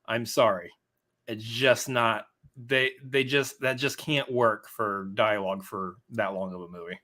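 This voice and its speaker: A man co-hosting a casual podcast chat, animated and jokey, prone to goofy asides. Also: on the low side, measured pace. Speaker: podcast co-host.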